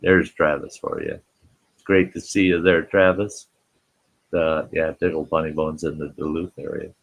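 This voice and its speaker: A man's voice: extremely low pitch, animated, normal speed, gravelly, rough recording. A man hosting a live stream, telling a rambling folksy story and greeting people in the chat.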